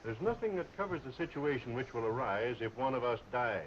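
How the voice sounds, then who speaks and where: An actor playing a measured, formal businessman partner in a 1930s film, on a muffled old soundtrack. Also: mid-range voice, lively intonation, natural voice.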